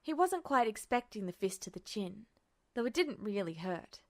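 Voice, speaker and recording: A woman narrating a fanfiction audiobook in an expressive storytelling manner. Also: medium pitch, normal speed. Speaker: audiobook reader.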